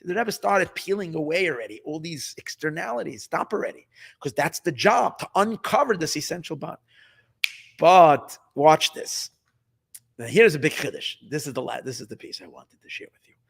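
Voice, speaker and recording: Animated rabbi, high lively voice. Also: male voice, normal speed, creaky, breathy edge. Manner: excitable, emphatic, mixes Hebrew and Yiddish terms, repeats phrases. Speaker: rabbi teaching Hasidic text. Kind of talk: animated Torah class. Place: study hall.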